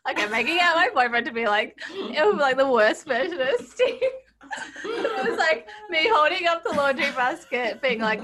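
A woman's voice: high-pitched, lively intonation, normal speed, a crowd in the background. A woman co-hosting a podcast, chatting casually and telling stories with lots of laughter and acted-out quotes. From Australia. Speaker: podcast co-host. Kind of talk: casual chat.

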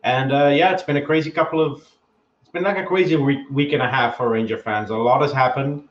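A man's voice: medium pitch, brisk, slight background noise. A man talks through sports analysis, reasoning point by point and repeating himself as he thinks. His voice comes through muffled and lo-fi, with a noticeable room echo. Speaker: podcast co-host. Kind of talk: casual sports podcast analysis.

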